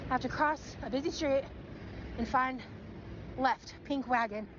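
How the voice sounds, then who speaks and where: A woman's voice: high-pitched, unhurried. A woman from Florida filming a casual travel vlog on her phone while out on a busy city street, chatty and self-deprecating. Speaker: vlogger. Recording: muffled phone audio with street noise. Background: traffic and city ambience.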